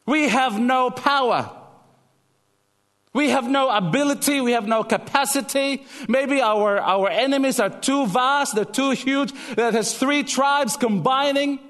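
A man's voice: extremely high pitch, measured pace, fairly bright tone, long reverb tail, voice pushed up. A man voicing an ancient king who pleads in prayer, emphatic and desperate. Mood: pleading.

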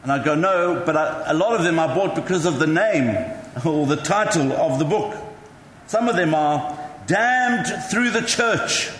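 A male pastor with a notably high voice delivers a sermon in a chatty, self-mocking storytelling way. His words ring out through a large, echoey hall, with a long reverb tail and a faint hum of room ambience behind him. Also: expressive, unhurried, a bit bright.

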